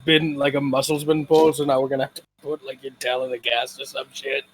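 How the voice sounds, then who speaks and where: A man playing a tabletop game with friends, joking and stammering when excited. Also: mid-range voice, quick pace, a little hiss or hum, low-quality recording. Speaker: player. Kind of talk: casual tabletop play.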